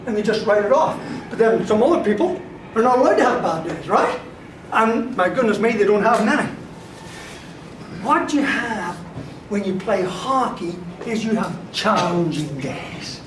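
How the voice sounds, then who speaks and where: A man gives an animated motivational talk to a live audience. His voice sits high and swings widely as he laughs and acts out quoted voices. He is caught from far off in an echoey hall with a clear hum of room noise. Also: normal speed. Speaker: sports psychology speaker.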